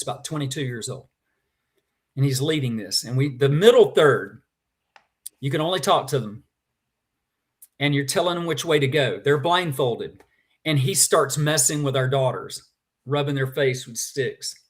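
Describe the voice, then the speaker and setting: A man's voice: on the high side, lively intonation, moderate pace. Emotional man telling a personal story. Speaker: guest. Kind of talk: storytelling in a conversation.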